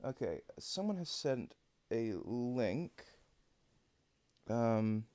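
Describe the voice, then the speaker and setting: A man's voice: medium pitch, lively intonation, measured pace, a little mellow, no echo. A man streaming a video game, chatting casually and explaining things with lots of fillers. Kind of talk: casual gameplay chat.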